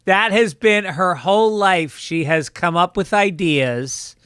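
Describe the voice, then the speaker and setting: A man co-hosting a podcast, telling animated stories in casual chat and laughing often. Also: sits high, slow pace, clean tone, no room sound, studio quality. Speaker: podcast co-host.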